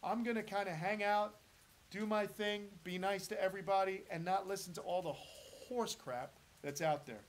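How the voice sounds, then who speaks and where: A man's voice: high voice, steady tone, normal speed, slight background noise. A middle-aged man from the United States hosting a live stream, chatting loosely with viewers and rambling through their questions with lots of fillers and restarts. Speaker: host of a reptile channel.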